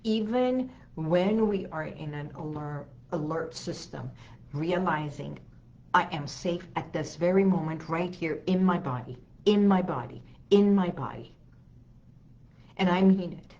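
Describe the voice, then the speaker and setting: A woman with a deep voice hosts a talk as a hypnotherapist, guiding listeners slowly through calming phrases and breathing and often repeating soothing lines. The audio sounds dull.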